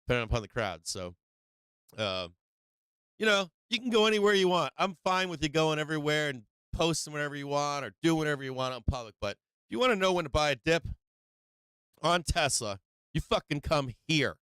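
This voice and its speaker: A male host of a stock market show delivers brash, profane, emphatic commentary on a live stream, swinging from loud emphasis to low, quieter explanation. He sounds expressive and a little fast, with a clean tone on a dry recording.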